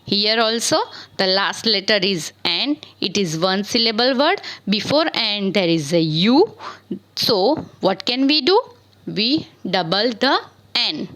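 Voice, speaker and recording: A woman teaches a spelling lesson at an unhurried, deliberate pace, spelling out every word letter by letter. Her pitch sits in a middle range. She poses questions to her students and then answers them herself, recorded on a simple phone or laptop mic at home. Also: animated, fairly bright tone, rough recording. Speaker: English teacher. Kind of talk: slow spelling lesson on verbs.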